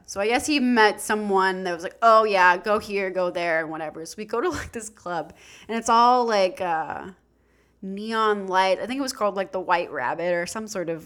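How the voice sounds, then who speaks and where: A woman's voice: mid-range voice, fairly bright tone. A young adult woman, a podcast co-host, telling a long casual story, acting out quoted voices with lots of "like".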